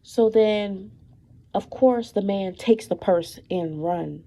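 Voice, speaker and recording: Slow-talking woman with a gravelly voice. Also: medium pitch, low-quality recording. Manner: animated, repetitive, emphatic with many fillers; suspicious, accusatory tone about her mother. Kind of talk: casual storytelling monologue.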